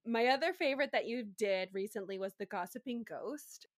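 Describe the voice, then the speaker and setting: A woman from California hosting a casual interview, chatty and quick to laugh as she acts out quotes. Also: fairly high pitch. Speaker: podcast host.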